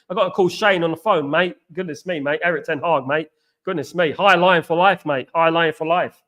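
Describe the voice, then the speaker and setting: The host of a casual live stream reads viewer comments and responds with rambling jokes built on recurring catchphrases. He speaks at normal speed in a high, a bit bright voice with fairly even intonation.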